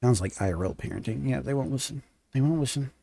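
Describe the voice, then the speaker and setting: A man's voice: medium pitch, expressive, quick pace, gravelly, warm tone, dry recording, faint music behind. A man streaming a game, chatting casually and rambling with lots of fillers and restarts. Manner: rambling, filler-heavy, self-interrupting. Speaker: gaming streamer. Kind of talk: casual live-stream chat.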